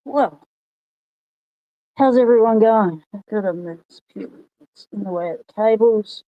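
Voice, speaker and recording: A woman's voice: medium pitch, unhurried, no room sound, highs cut off. An Australian woman hosting a casual livestream from her home workshop, chatting in a rambling way and greeting viewers by name over a phone microphone. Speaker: livestream host.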